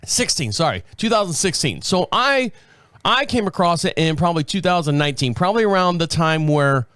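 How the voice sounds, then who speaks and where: A man's voice: fairly high pitch, sing-song, brisk, fairly bright tone, clean tone, no room sound, studio quality. A middle-aged man hosting a show, telling rambling stories in casual chat, laughing often and acting out quotes. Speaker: show host.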